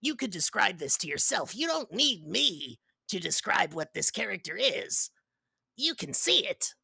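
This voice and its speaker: A camp young man with a drawling, knowing delivery, as a man puts him on. The voice sits raised and breathy, full of gravelly fry. It sounds bright and close, with no room around it. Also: high voice, big pitch swings, a little slow, no room sound, voice pushed up, full character voice. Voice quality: creaky vocal fry, breathy.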